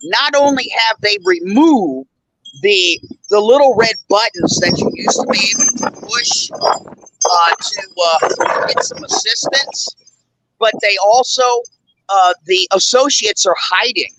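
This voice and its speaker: A man's voice: sits high, expressive, takes it slowly, background noise. A male host telling a rambling, indignant story in a casual chat, full of fillers. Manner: blunt and indignant. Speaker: show host.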